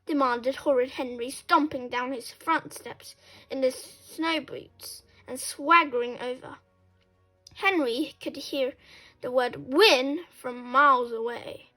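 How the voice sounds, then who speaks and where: A woman reading a children's story aloud, expressive and lively, acting out sound effects. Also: high-pitched, slow pace, faint music behind.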